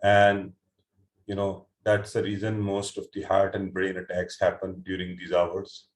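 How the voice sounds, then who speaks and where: A man's voice: sits low, monotone, a little slow, echoey room. A man teaching an online class, explaining word meanings patiently step by step, with hesitant fillers and restarts. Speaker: Quran teacher. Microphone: computer mic on an online call.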